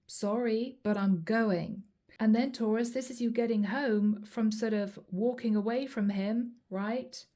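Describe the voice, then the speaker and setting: A woman's voice: a little high, fairly even intonation, a little slow, hardly any pauses, warm tone. A woman reading tarot cards to camera in a chatty way, calling her viewers guys. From Europe. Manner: chatty, addresses viewers as guys, acts out quoted lines. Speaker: tarot reader.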